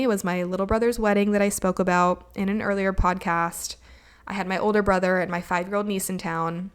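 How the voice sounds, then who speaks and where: A woman's voice: medium pitch, clean tone. A young woman hosting her own podcast, talking in a casual, earnest and reflective way, often slipping into encouraging advice and filling with "like" and "you know.". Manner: earnest, reflective, motivational, with many likes and you knows. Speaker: podcast host. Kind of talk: casual solo podcast monologue.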